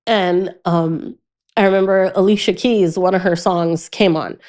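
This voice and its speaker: A young adult woman speaks with a fairly low pitch and fairly even intonation while telling a painful personal story on a podcast. She's candid, often halting and restarting, and goes silent at the hardest points.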